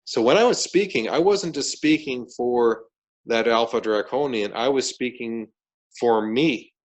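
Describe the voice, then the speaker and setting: A man telling a story as an interview guest, animated and full of restarts and repeated words. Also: medium pitch, a little slow, dull audio. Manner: animated, repeats words and restarts sentences while retelling events.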